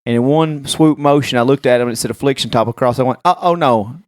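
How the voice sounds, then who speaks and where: Guy gabbing on a podcast, normal pitch, dry mic, doing little voices in his stories. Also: quick pace, clean tone, no echo. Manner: animated storyteller acting out quotes. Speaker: podcast co-host. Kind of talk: casual chat.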